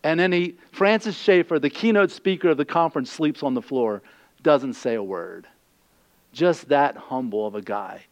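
A man preaching a sermon as a lively storyteller who asks his listeners questions as he teaches. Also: on the high side, normal speed. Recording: dull lo-fi recording.

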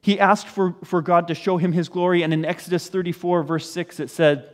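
A man's voice: high voice, little pitch movement, brisk. A man preaching a sermon in an earnest way, often putting questions to his listeners. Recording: echoey hall.

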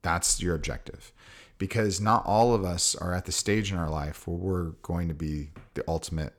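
Deep-voiced man speaking earnestly. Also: steady tone, moderate pace. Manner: earnest, reflective. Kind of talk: casual chat.

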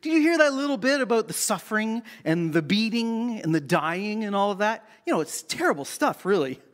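A man's voice: high voice, expressive, brisk. A man doing a dry, puzzled Jesus. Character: patient, baffled Jesus in a comic skit.

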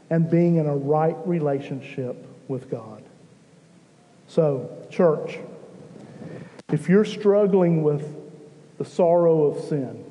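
Slow, dark-voiced male preacher in a hall. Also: fairly high pitch. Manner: slow, emphatic preaching with swells of intensity. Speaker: pastor. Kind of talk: sermon.

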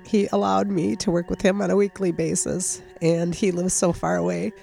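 A woman, an energy healer being interviewed, tells a personal story in a heartfelt, halting way, close to tears and full of fillers. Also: fairly low pitch, level tone, creaky, warm tone, soft background music.

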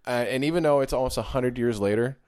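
A man's voice: mid-range voice, fast, darkish tone. A man co-hosting a podcast in casual chat, joking and chatty. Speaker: podcast co-host.

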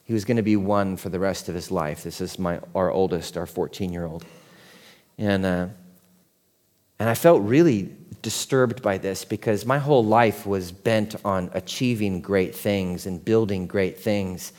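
A man in his forties, a pastor preaching a conversational sermon that swings from quiet and tender to loud and excited. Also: low-pitched, measured pace. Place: church sanctuary. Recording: long hall reverb.

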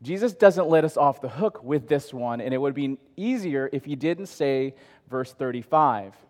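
A man's voice: mid-range voice, expressive, moderate pace. A man preaching a sermon, reading scripture and adding casual, conversational asides. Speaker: pastor. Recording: long hall reverb.

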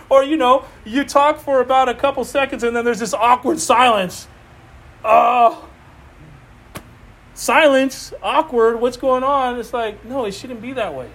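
A man preaching an informal sermon, animated and emphatic, repeating phrases and laughing often. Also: extremely high pitch, normal speed. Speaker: preacher teaching a Bible study.

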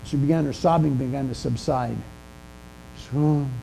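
Gravelly older male pastor preaching. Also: medium pitch, steady tone, dark tone, a little hiss or hum, rough recording. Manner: conversational storytelling with pauses and restarts. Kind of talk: sermon. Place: church sanctuary.

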